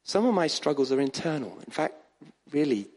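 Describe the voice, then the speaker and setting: A man preaching a sermon as pastor of a church, earnest, moving between soft quiet passages and raised emphatic ones. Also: a little high, very animated, brisk. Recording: long hall reverb.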